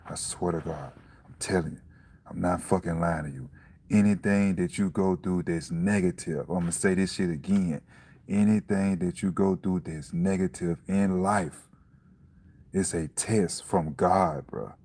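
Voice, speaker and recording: A man giving a casual, profane motivational talk about staying calm, repeating himself to press his point. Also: deep voice, measured pace, breathy edge. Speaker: vlogger.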